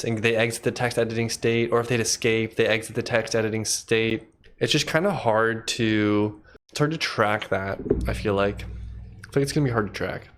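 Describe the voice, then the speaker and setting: A man livestreaming as a programmer, thinking aloud in a loose, relaxed way and chatting with viewers. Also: medium pitch, a little hiss or hum. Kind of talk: casual livestream chat while coding.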